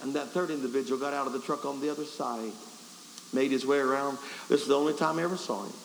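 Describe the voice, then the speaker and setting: A man's voice: medium pitch, fairly even intonation, fast, vocal fry. A man preaching at a revival, telling a folksy, self-deprecating story with stammering restarts. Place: revival service hall. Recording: echoey hall with faint hiss.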